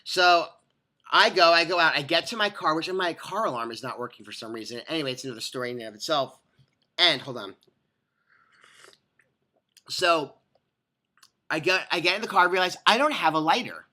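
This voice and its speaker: A bright, sharp-toned adult voice launches into a rambling rant, piling up digressions, false starts and curse words. The delivery is animated and conversational, like a vlogger venting straight to the camera. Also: medium pitch, moderate pace, long pauses. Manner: animated, profane, digressive storytelling with many restarts.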